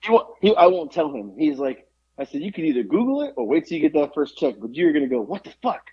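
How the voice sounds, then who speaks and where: A man's voice: on the high side, fast, husky, lo-fi sound. A man in his forties co-hosting a podcast, telling stories in casual chat, acting out quotes and swearing freely. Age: 40s. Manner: animated storytelling, acts out quotes, swears freely. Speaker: podcast co-host.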